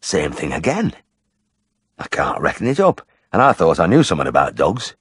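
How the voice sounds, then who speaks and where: A man's voice: sits low, huge pitch swings, moderate pace, slightly rough, no echo, studio quality, heavily acted. A man voicing a worried grown man who fears his dog will die, in a strained, pleading way. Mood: puzzled.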